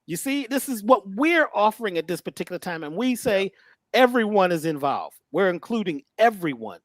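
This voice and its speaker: A man's voice that rises and falls a great deal, recorded dry and close. He speaks in a halting, stammering, preachy way as a guest at a spiritual workshop. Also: sits high, sing-song, dry recording.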